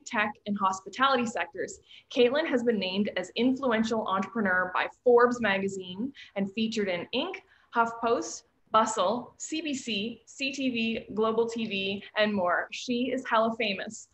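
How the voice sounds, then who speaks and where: A woman's voice: mid-range voice, a bit bright, echoey room, rough recording. A woman host reading a guest speaker's introduction, with playful asides.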